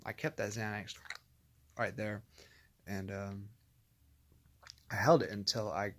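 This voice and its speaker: Man, from Northern California, fairly low voice, casual monologue, rambling, cursing, lots of fillers. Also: fairly bright tone. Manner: rambling, profane, with frequent fillers and restarts. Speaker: vlogger telling his own story.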